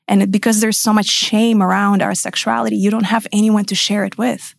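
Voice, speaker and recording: A woman's voice: medium pitch, level tone, fairly quick, gravelly, no room sound, clean studio sound. A woman in her thirties, a podcast guest, telling her personal story frankly and emphatically, sometimes swearing.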